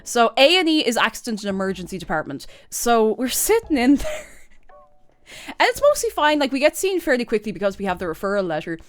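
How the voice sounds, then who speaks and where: A woman's voice: fairly high pitch, very animated, fairly quick. An Irish woman streamer chatting casually and telling a story, laughing often and rambling through asides.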